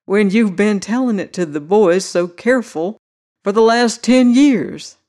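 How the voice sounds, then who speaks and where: A reader voicing a young Southern cowboy who teases an old man with gentle, straight-faced mock concern. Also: mid-range voice, unhurried, lightly acted. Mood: deadpan. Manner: gentle, solicitous, deadpan teasing. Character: young Southern cowboy, twenty-four, teasing with mock gravity. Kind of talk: audiobook character voice.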